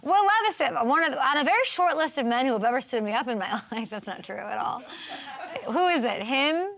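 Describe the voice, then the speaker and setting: A woman hosting a sports talk show, animated and joking, riffing fast on the weekend's games. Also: high voice. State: out of breath. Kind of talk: energetic sports talk monologue.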